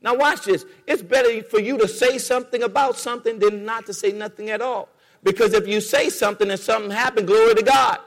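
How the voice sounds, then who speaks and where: A man's voice: sits high, fairly even intonation, brisk, long reverb tail. A man preaching a sermon in a church, rhythmic and repetitive, calling on the congregation to respond. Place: church sanctuary.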